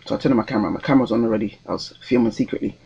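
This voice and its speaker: A man's voice: fairly low pitch, racing, vocal fry, a little mellow, husky, dull audio. A young man, telling a story in a casual vlog with a rambling, hesitant delivery full of ums and restarts. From London, England. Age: 20s. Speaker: vlogger.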